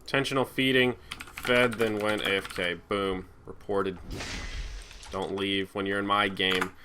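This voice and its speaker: Bright-voiced ranting young man. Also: fairly low pitch, little pitch movement, unhurried, slight background noise. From New Jersey. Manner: sarcastic, ranting, swears a lot. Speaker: co-host. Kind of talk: casual podcast chat.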